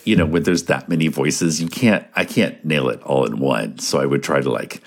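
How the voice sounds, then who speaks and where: A man, a voice actor, chatting casually on a podcast, laid-back and quick to laugh, trailing off into fillers. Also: a bass voice. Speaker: voice actor guest.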